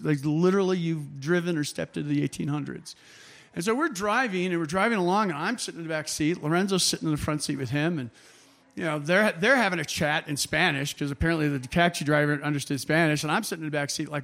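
A man telling a personal travel anecdote in a loose, animated way, chuckling often and rambling with plenty of fillers. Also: fairly high pitch.

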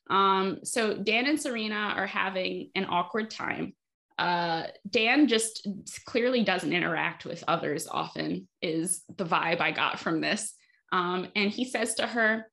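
Bright-voiced chatty woman host. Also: mid-range voice. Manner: chatty, frequent fillers, acts out quotes. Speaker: podcast host recapping a TV episode. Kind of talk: casual chat.

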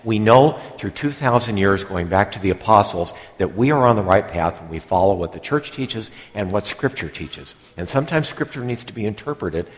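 A man's voice: fairly low pitch, expressive, moderate pace, few pauses. A middle-aged man, a priest, giving a conversational sermon that wanders into asides and acts out quoted lines. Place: church. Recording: long reverb of a church hall.

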